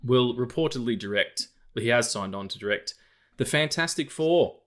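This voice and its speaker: A mid-range, animated male voice at normal speed co-hosts a podcast covering film news. He chats casually and rambles, with many fillers, restarts and tangents.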